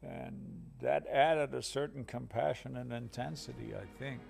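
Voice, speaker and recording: A male actor in an archive interview, talking in a halting, reflective way and searching for words. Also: mid-range voice, expressive, gravelly, a little mellow, soft background music.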